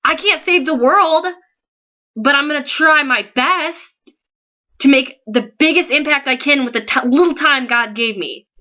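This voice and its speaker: Impassioned young woman pleading, high voice. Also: measured pace, muffled recording. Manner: earnest and emotional, pleading and scolding by turns. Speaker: founder of an online support page. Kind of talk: impassioned vlog speech to followers.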